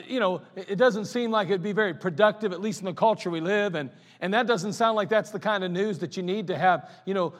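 A male pastor preaching a folksy sermon, telling stories and swinging from loud to quiet. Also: high-pitched. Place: church sanctuary. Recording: long hall reverb in a church.

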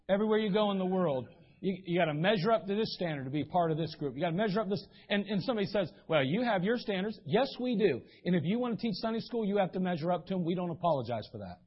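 A man with a high, husky voice preaches to his congregation, spinning folksy stories and briefly acting out the people he quotes. The recording sounds dull and muffled. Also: lively intonation, fast. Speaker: pastor. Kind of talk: sermon. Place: church sanctuary.

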